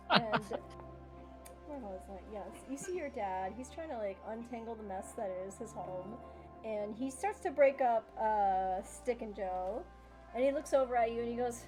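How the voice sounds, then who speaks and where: A woman game master narrating a tabletop session in a casual, giggly way, with the odd swear word. Her voice sits a little high, and soft music runs in the background.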